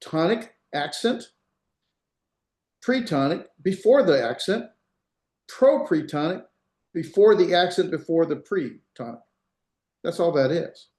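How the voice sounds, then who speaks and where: A man with a slightly high, expressive, darkish voice teaches an online Hebrew class over a video call, speaking a little slowly and pausing often. He explains things patiently step by step, repeating words so students can hear them. The room sounds roomy.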